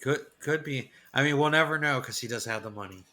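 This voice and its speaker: A man's voice: mid-range voice, fairly quick, bright, forceful tone. A man co-hosting a podcast, chatting casually and rambling with many restarts. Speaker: podcast co-host. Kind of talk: casual chat.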